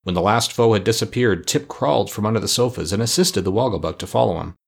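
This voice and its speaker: A man narrating a storybook chapter in an expressive, lively way. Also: fairly low pitch, fast, gravelly. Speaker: audiobook narrator. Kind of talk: scripted narration.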